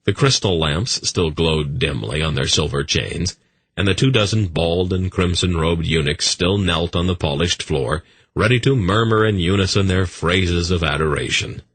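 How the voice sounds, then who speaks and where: A man narrating a fantasy audiobook in a measured storytelling manner. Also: low-pitched, a bit bright, husky, no echo.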